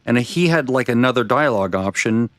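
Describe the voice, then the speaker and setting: A man's voice: mid-range voice, lively intonation, fairly quick, fairly bright tone, no room sound. A man streaming a video game, talking through it in rambling, self-deprecating casual commentary.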